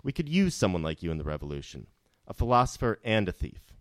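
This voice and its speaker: A man's voice: deep voice, sing-song, fast, no echo, studio quality. A man voicing an earnest, idealistic young artist who is founding a bar in an audio drama.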